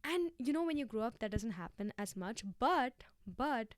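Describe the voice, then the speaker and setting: A young woman hosting her own podcast, chatting casually in an animated, slangy way. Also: on the high side, normal speed, dry recording, clean studio sound. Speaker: podcast host. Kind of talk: casual solo podcast chat.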